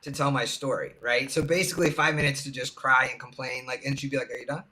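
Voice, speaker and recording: A man's voice: medium pitch, steady tone, fast talker, bright, forceful tone. A young adult man, a guest in a casual interview, talking candidly and often quoting what others told him.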